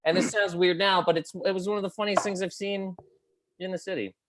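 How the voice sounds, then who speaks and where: A man's voice: high voice, steady tone, brisk, background noise. A male comedian telling a rambling, profane story on a video call. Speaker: comedian guest. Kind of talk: casual anecdote.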